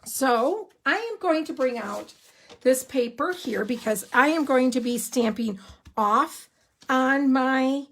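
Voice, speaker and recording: Chatty high-voiced woman demonstrating crafts. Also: takes it slowly. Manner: chatty, excitable, rambling. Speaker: card-making demonstrator. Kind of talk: live crafting tutorial.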